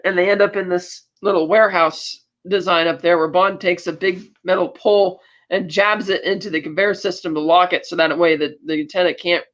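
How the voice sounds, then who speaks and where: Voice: medium pitch, steady tone, fairly quick, hardly any pauses, fairly bright tone. A podcast co-host casually recapping a film, retelling scenes with loose asides and acted bits of dialogue. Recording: dull lo-fi audio.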